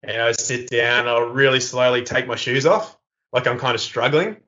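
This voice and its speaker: In slightly lo-fi podcast audio, a male guest with a mid-range voice and a sharp tone talks at a normal speed. He relates a funny, wandering anecdote in a casual interview, full of fillers and laughing.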